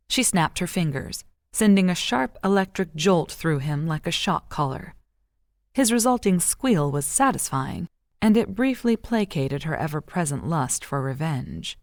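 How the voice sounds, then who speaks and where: A woman narrates a scripted audiobook in a measured, even storytelling manner. Her voice is fairly low, and the studio-quality recording has no room sound.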